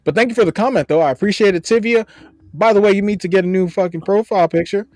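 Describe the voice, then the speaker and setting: A man's voice: sits high, fast, a little mellow, no echo. A man from the United States co-hosting a podcast, reacting to viewer comments in a blunt, profane, sarcastic way. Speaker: podcast co-host.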